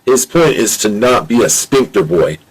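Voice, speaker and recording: Grumpy big sasquatch, played by a man, low, husky, snappish. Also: animated, normal speed, low-quality recording. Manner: grumbling, snappish.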